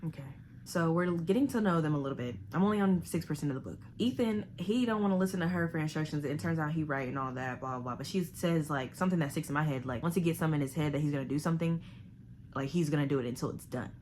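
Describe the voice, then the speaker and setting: A young woman, chatting animatedly at home as she reviews a thriller she just read and sometimes dropping to a hushed whisper. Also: low voice, fast talker, a little hiss or hum. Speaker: book vlogger. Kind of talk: casual chat reviewing a thriller. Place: home living room.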